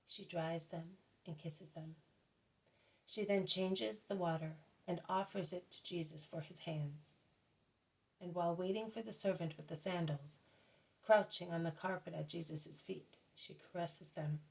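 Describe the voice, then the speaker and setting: A woman reading a devotional book aloud at a careful, measured pace, now and then correcting herself. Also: lowish voice, steady tone, gravelly, darkish tone, rough recording. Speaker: audiobook reader.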